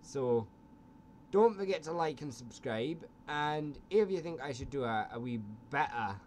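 A man's voice: medium pitch, lively intonation, measured pace, a little hiss or hum. Cheeky man vlogging. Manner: offhand, cheeky, mock-lazy. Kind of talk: casual joking vlog.

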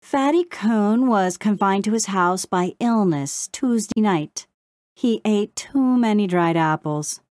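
A woman's voice: medium pitch, animated, slow pace, a little mellow, dry recording, clean studio sound, pitched above the performer's own voice. A woman doing a fussy sing-song crow. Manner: sing-song, clipped news-report delivery. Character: fussy male crow playing newspaper. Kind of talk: audiobook character voice.

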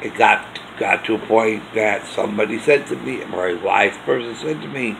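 Man, vlog storytelling, earnest, rambling, very gravelly voice, faint hum behind. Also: lowish voice, normal speed, few pauses, fairly bright tone, poor audio. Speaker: vlogger. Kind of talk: personal storytelling.

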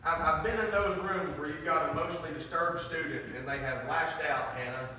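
A man preaches with a bright, somewhat high voice. He swings between impassioned storytelling and hushed appeals. The sound comes from a distant mic in an echoey church hall. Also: fairly quick, a little hiss or hum. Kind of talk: sermon with altar call. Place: church sanctuary.

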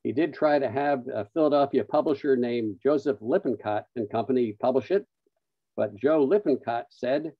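A man's voice: medium pitch, normal speed, dry recording. Guy telling a story in a webinar, lots of uhs, kinda muffled dry audio. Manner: anecdotal, lots of "uh" fillers. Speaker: webinar presenter. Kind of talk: storytelling talk. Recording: dull lo-fi online audio, dry.

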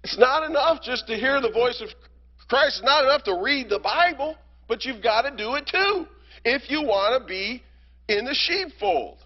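A man's voice: very high voice, animated, normal speed. A man teaching a Bible study lesson as a deacon, earnest and emphatic, asking rhetorical questions. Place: church hall. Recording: reverberant lo-fi church hall recording.

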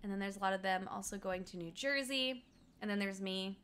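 A woman's voice: medium pitch, a little fast, a bit bright, slight background noise. A young woman from Colorado in her twenties, chatting casually with her stream while gaming, laughing often and answering chat. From Colorado, United States.

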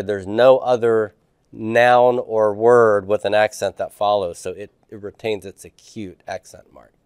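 A man's voice: on the low side, darkish tone, clear, resonant tone, no echo, studio quality. A man reviewing homework with a class, asking students questions and explaining Greek grammar patiently. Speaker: Greek teacher.

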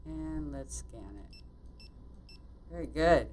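A woman playing a bakery shop game, muttering to herself as she works, with quick exclamations and mild swearing. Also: extremely low pitch, heavy background noise. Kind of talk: casual let's-play commentary.

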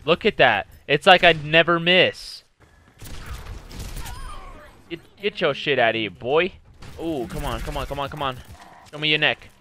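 A young man giving loud, excitable gameplay commentary, swearing and trash-talking his teammates and opponents. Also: fairly high pitch, a little slow, long pauses, slight background noise. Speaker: gaming YouTuber.

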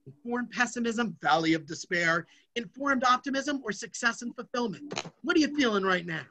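An energetic, emphatic presenter leading a motivational workshop for students over an online video session. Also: medium pitch, normal speed, slight background noise, low-quality recording.

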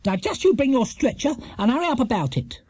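Stern, brisk storybook housekeeper, a male reader putting her on: high, bossy, husky. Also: big pitch swings, mellow, no echo, exaggerated voice.

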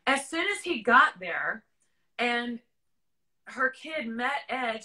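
A woman hosting a casual live-stream chat, telling stories in an animated way with lots of fillers. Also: on the high side, slow pace, pauses often, poor audio. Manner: chatty, animated storytelling with many "like" fillers. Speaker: host.

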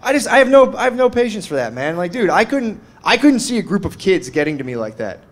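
Quick and sing-song, a high-pitched male comedian spins relaxed stand-up stories full of "dude" and "man," playing out the people in them. Audience laughter fills the background.

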